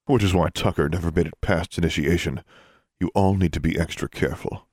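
Male narrator doing a commanding older boy, lowered, scornful, dry. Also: a little fast, a little mellow, dry recording. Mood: contemptuous. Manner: contemptuous, commanding. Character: cold contemptuous older student society leader.

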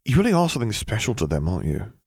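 A man's voice: fairly low pitch, wildly swooping pitch, racing, darkish tone, husky, dry recording, pitched above the performer's own voice, full character voice. A man voicing Zev, a sassy, curious young man with a dry, teasing way of talking. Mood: wry.

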